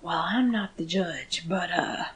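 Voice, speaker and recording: A woman's voice: on the low side, measured pace, slightly rough. A woman co-hosting a casual fan podcast, talking animatedly, swearing freely and acting out characters' lines. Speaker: podcast co-host.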